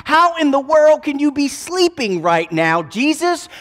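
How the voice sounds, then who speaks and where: A man's voice: very high-pitched, sing-song, unhurried, fairly bright tone, big-room sound, pitched above the performer's own voice, exaggerated voice. A man preaching while voicing a group of terrified grown male disciples who fire frantic, accusing questions. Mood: panicked. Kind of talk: sermon storytelling.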